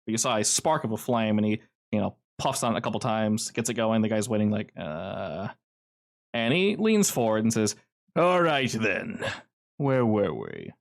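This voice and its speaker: A man narrating as game master in a casual, animated storytelling manner. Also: on the low side, normal speed.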